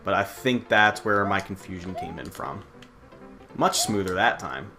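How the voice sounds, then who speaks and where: A young American man talks loosely while he plays a video game, drifting between the action and offhand jokes, with the odd curse. His voice sits a bit low. Game music plays clearly underneath him. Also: very animated, measured pace. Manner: rambling, profane, joking asides. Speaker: let's play host. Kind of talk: casual gameplay commentary.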